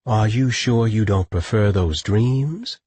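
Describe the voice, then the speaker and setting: A man's voice: fairly low pitch, sing-song, normal speed, darkish tone, breathy edge, dry recording, heavily acted. A man voicing a teasing young female night nurse in an audiobook, coaxing and playful. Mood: sly. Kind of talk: audiobook character voice.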